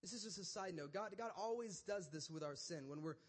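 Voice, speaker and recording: A young man preaching a sermon in a casual, conversational way, retelling a story with animated asides and frequent "like" and "right?". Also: high voice, fairly quick.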